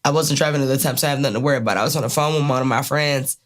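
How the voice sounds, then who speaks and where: A woman in her twenties with a Maryland accent, co-hosting a podcast in casual, profane, animated chat. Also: rumbling low, rapid-fire. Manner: candid, profane, animated storytelling. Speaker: podcast co-host.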